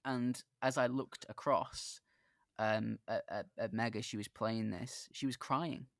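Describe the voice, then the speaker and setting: A man's voice: fairly low pitch, steady tone, measured pace, gravelly, fairly bright tone, no echo, studio quality. A man hosting a casual podcast chat, an earnest storyteller who often halts and restarts his sentences while recalling a game he ran as dungeon master.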